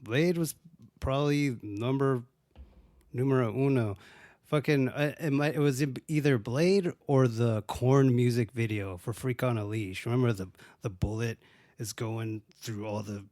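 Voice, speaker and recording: Man, casual solo recap, rambling, lots of swearing, mid pitch, dry sound. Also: darkish tone, no room sound. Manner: profane, rambling, says "dude" a lot. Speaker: podcast host.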